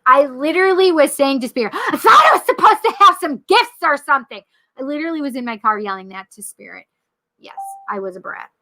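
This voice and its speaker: A woman in her thirties from the Rochester area, hosting a casual livestream as a psychic medium, chatty and quick to laugh, acting out the people she quotes. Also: high voice, bright, forceful tone. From Rochester area, New York. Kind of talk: casual livestream chat, reading viewer comments.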